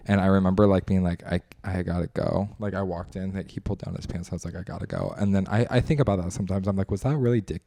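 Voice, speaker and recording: Comedian guest, male, low gravelly voice, dry close sound, candid rambling storyteller. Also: fairly even intonation, fast talker, few pauses, warm tone, no echo. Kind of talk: casual podcast chat.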